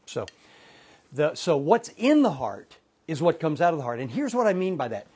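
A man's voice: a little high, big pitch swings, moderate pace, darkish tone, slightly rough. A man teaching an informal Bible class to a group, talking in a loose, conversational way with many restarts and asides.

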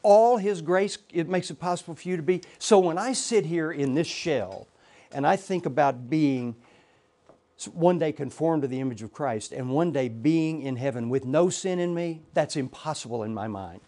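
Man, middle-aged, fairly high voice, teaches Bible class with emphatic repeats and rhetorical questions. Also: normal speed, mellow.

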